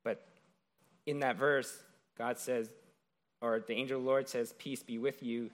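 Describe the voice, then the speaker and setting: Man preaching, conversational sermon, mid-pitched voice, keeps asking right?. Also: flat delivery, unhurried. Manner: conversational, often asks "right?".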